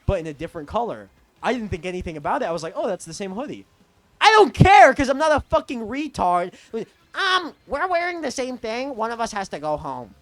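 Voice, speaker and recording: A young man telling a story in a casual, profane, rambling rant as a vlogger. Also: on the high side.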